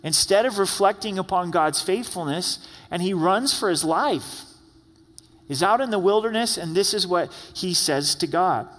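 Pastor preaching conversationally in a reverberant church. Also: male voice, high-pitched, lively intonation, moderate pace, fairly bright tone. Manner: conversational preaching, acts out quoted speech. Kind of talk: sermon. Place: church sanctuary.

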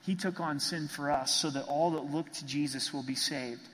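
A man's voice: fairly high pitch, steady tone, moderate pace, fairly bright tone, long reverb tail, slight background noise, low-quality recording. A man preaching a sermon as pastor, earnest and emphatic, driving points home with repeated phrases.

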